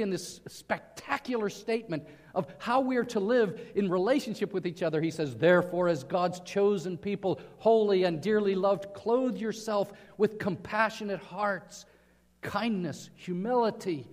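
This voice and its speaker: A man's voice: high voice, a little slow. A man preaching a sermon in earnest, often putting questions to his listeners. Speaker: pastor. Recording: reverberant hall.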